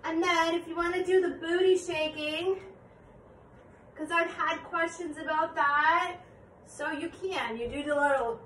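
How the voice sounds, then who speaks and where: Chatty woman vlogger with a high voice, encouraging tone, distant mic in an echoey room. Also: steady tone, measured pace, a bit bright, slight background noise. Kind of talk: casual dance tutorial. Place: indoor room.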